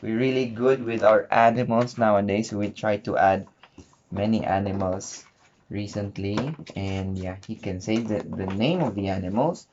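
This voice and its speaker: A man's voice: lowish voice, moderate pace, a little mellow. A man at home patiently coaxing his toddler, repeating simple questions in a casual home video. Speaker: father teaching his toddler. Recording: muffled home recording with faint hiss.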